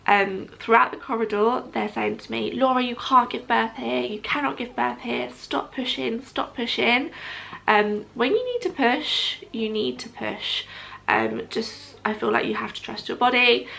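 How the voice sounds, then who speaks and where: A woman's voice: a little high, creaky, fairly bright tone. A young adult woman telling a personal story to camera in a chatty, casual way, with frequent ums, often quoting what others said. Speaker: vlogger.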